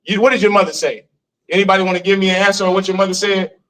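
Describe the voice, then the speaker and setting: Animated man lecturing a class. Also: sits high, rapid-fire. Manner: animated, questions the audience. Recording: voice from far off.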